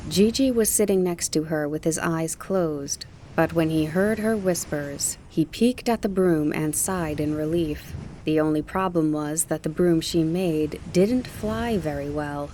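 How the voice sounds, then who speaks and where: A woman narrating a children's novel audiobook in a calm, gentle storytelling manner. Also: sits low, a little hiss or hum. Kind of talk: scripted narration.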